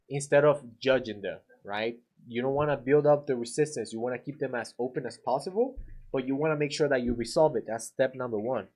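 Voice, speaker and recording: A man's voice: a little high, a little mellow. A man giving a casual spoken sales lesson, acting out sample lines and talking with many fillers. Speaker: sales coach. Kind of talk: casual instructional talk to camera.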